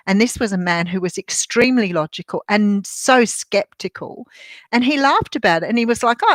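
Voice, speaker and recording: A woman's voice: mid-range voice, fairly bright tone, no echo. An older woman with an Australian accent, a tarot reader and medium chatting casually on a live stream from a room at home. She rambles, with many ums and restarts.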